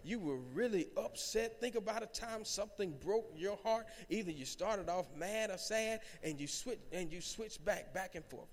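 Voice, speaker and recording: A man's voice: high-pitched, moderate pace, few pauses. A man preaching a sermon as pastor in a church, calling out to the congregation and building up in volume. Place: church sanctuary. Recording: long hall reverb.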